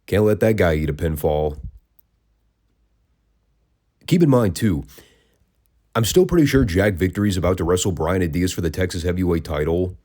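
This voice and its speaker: A man with a low, dark, mellow voice talks through old wrestling matches in a relaxed, conversational way. He keeps slipping in dry, sarcastic asides. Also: moderate pace, long pauses. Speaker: wrestling podcast host. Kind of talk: casual review commentary.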